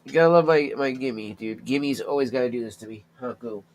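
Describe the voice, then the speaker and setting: A man's voice: mid-range voice, brisk. A man streaming a game live, chatting casually with his viewers, swearing freely and cooing to his cats.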